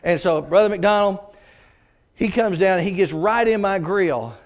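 A middle-aged man preaches a sermon in a church auditorium, his voice pitched high for a man. He moves at a moderate pace with lively intonation, swinging between loud, ringing exclamations and hushed, nearly whispered asides.

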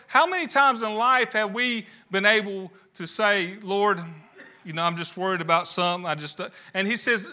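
A man's voice: sits high, normal speed, pushed and bright. A man preaching a sermon, building emphasis with rhetorical questions. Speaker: pastor.

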